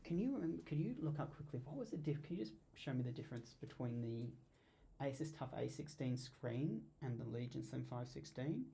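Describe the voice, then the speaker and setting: A man hosting a live stream of tech talk, unscripted and animated, often stumbling and restarting his sentences. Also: medium pitch, fairly quick, gravelly, breathy edge.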